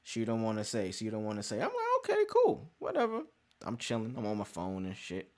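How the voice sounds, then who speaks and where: A man casually telling a personal story, animated and profane, acting out conversations. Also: fairly low pitch, quick pace. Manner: animated, profane, acts out dialogue.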